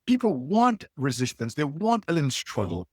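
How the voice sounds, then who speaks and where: A middle-aged leadership coach appearing as a guest tells stories in a husky voice, swinging widely in pitch as he jumps between characters and acts out every line with lively inflection. He speaks at a moderate pace, recorded close and dry with no room sound.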